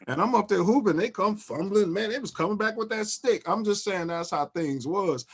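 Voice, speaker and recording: Guy hosting, telling a story all animated, kinda high voice, keeps restarting lines. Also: moderate pace, husky. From Chicago. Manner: animated, repeats and restarts phrases, acts out quotes. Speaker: host. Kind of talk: casual storytelling chat.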